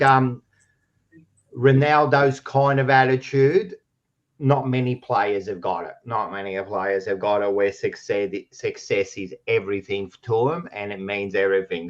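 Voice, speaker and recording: An Australian man hosting a sports podcast, loud and teasing, swearing freely in casual banter. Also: fairly low pitch, highs cut off. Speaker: podcast host.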